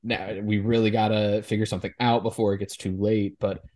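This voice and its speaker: A man co-hosting a high school sports podcast, chatting casually and often restarting his sentences. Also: little pitch movement, a little mellow. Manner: halting, with many restarts and repeated words.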